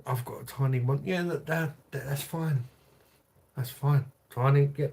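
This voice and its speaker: A man's voice: medium pitch, normal speed, a little mellow, husky. A man, drunk, hosting a crude, rambling livestream chat and reading out viewer comments. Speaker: livestream host.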